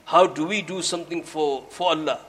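With a slightly high voice and a brisk delivery, this man preaches a sermon over a little hiss or hum. His storytelling is earnest and exhorting, laced with Urdu and Arabic religious terms, and his volume rises when he urges the audience.

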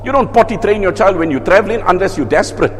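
A man's voice: high voice, lively intonation, quick pace. A man voicing a desperate young mother who plainly explains her situation. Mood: explaining. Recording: long hall reverb.

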